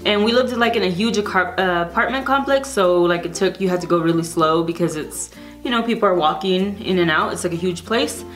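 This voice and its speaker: A woman's voice: fairly low pitch, a little fast, faint music behind. A young woman vlogger casually telling a storytime to camera, rambling with lots of fillers.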